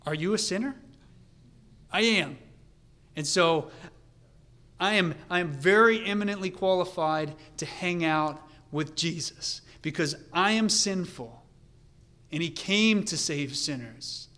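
A man preaching a sermon in an earnest way, dropping to a quiet, confiding tone and then building to a fervent pitch. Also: unhurried. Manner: earnest, swings from hushed to fervent.

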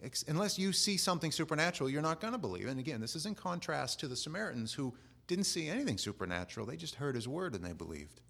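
A man's voice: fairly high pitch, very animated, fast, vocal fry, fairly bright tone, breathy edge. A man preaching a sermon, earnestly explaining scripture and asking the listeners questions, with restarts and asides.

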